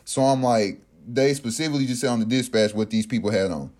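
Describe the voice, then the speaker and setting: A man in the middle of a personal story, talking casually and with lots of energy. He swears freely and slips into the voices of the people he describes. His voice sits at an ordinary middle pitch. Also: fast talker. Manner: animated, profane, acts out quotes.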